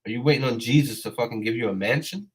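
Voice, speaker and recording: A man's voice: mid-range voice, fast, poor audio. Exasperated, profane man on a livestream. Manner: profane, exasperated, calls out commenters. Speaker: livestream host. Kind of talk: casual livestream rant.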